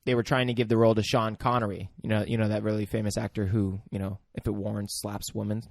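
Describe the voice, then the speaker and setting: A man's voice: on the low side, flat delivery, fast, vocal fry, no room sound, studio quality. Laid-back man chiming in on a podcast. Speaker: podcast co-host. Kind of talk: casual chat.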